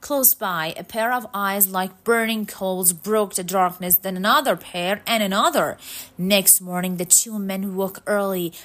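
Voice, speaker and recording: A woman narrating a storybook tale in a slow, measured, suspenseful way. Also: medium pitch, fairly bright tone.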